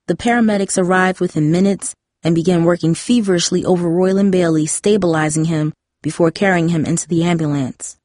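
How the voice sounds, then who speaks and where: Audiobook narrator, woman, measured and dramatic, lowish, dry. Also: a little mellow, no echo.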